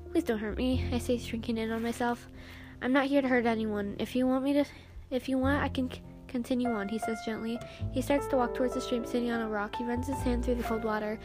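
A young woman reading a fan story aloud in a quiet, flat voice, close to tears and apologizing nervously. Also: fairly high pitch. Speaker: fanfiction reader.

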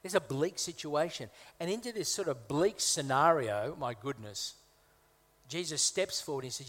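A man's voice: on the high side, lively intonation, moderate pace, a bit bright. A man from Malta, a guest preacher, delivering a conversational sermon with humorous asides and emphatic repetition. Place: church hall. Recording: reverberant hall.

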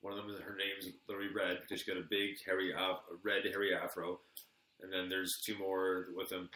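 A man hosting a live online show, telling lively anecdotes in casual chat and acting out the lines of the people in them. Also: low-pitched, brisk. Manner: animated anecdotes, acts out quoted lines. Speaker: host. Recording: echoey room with faint noise.

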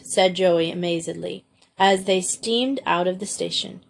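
A woman reading a storybook aloud in a measured, expressive way. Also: lowish voice, vocal fry. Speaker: audiobook reader. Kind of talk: storybook narration.

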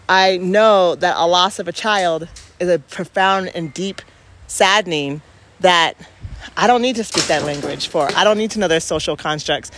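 A woman's voice: on the low side, fairly bright tone. A woman in casual reflective talk, speaking earnestly and emphatically and restarting her sentences as she thinks aloud.

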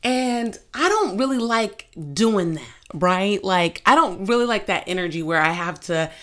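A woman in her twenties hosting a casual podcast, telling stories in an animated, giggly way with sudden loud outbursts. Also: medium pitch, unhurried. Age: 20s. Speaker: podcast host. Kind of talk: casual chat.

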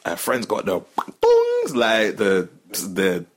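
A young man tells stories on a podcast in loose, slangy chat. His voice is a little husky and his pitch swings up and down. He laughs often as he talks. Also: slow. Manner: slangy, animated, laughs while telling stories. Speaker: podcast host. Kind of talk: casual storytelling chat.

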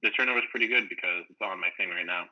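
A man's voice: racing, dull audio. A young man co-hosting a podcast, chatting casually and rambling with lots of "like" and "um". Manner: rambling, lots of "like" and "um", acts out quotes in high voices. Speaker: podcast co-host. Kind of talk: casual chat.

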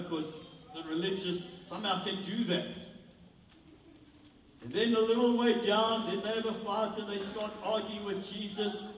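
A man from South Africa preaches in a very high voice, teasing and joking with the congregation. The sound is roomy, with a long echo in a big church hall. He sits back from the mic, with faint room noise behind him. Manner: playful, jokes with the congregation. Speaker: guest preacher. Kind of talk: sermon. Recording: echoey hall, from far off.

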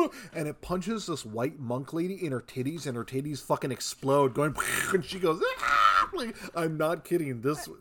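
A man co-hosting a podcast in casual chat, laid-back and swearing freely, often stumbling over his words. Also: a little high. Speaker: podcast co-host.

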